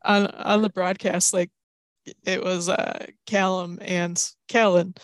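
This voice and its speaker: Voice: mid-range voice, little pitch movement, takes it slowly, dry recording. A podcast co-host in casual sports chat, chiming in with amusement.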